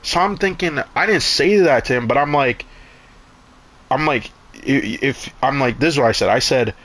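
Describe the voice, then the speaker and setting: A young man talks casually over his game. He rambles through stories in a middle-pitched voice, swears freely and often stops to restart a sentence. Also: normal speed, a bit bright. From Canada. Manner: rambling, profane storytelling with many restarts. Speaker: gaming streamer. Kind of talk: casual chat while gaming.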